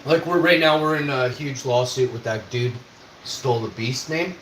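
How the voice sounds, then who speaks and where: A young Canadian streamer with a mid-range, somewhat bright voice talks at a moderate pace. He tells a rambling, casual story, swearing and acting out the voices he quotes, in an echoey room with faint noise.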